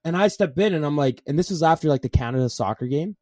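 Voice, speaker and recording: A man's voice: on the high side, animated, fast, warm tone, no echo, studio quality. A young man in a casual podcast chat, telling laid-back anecdotes with plenty of swearing.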